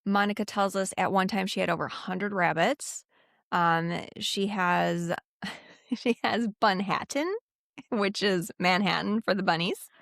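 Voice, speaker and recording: A woman co-hosting a casual podcast, telling the story with lots of laughs and "um"s. Her voice sits at an ordinary middle pitch. The sound is dry and close, with no room around it. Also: fairly even intonation, unhurried, creaky, fairly bright tone, no echo. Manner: recaps with frequent laughs and fillers. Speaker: podcast co-host. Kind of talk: casual chat.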